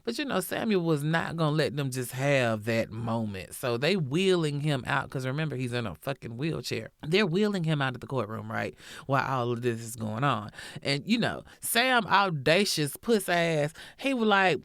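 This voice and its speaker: A woman hosting a true-crime podcast, telling the story in a sassy, profane, animated way. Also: rumbling low, normal speed, no room sound, studio quality. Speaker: podcast host.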